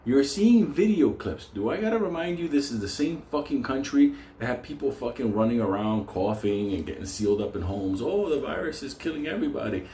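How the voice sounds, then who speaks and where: A man's voice: medium pitch, animated, brisk, hardly any pauses, dark tone. A man hosting a stock market show, delivering a profane, fired-up unscripted rant and breaking into laughter. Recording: roomy echo with faint noise.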